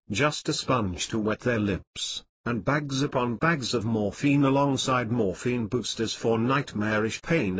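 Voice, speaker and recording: A male voice in scripted audiobook narration with a mid-range pitch that rises and falls a great deal. He reads straight through the text, page numbers and headers included. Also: fairly bright tone, a little hiss or hum.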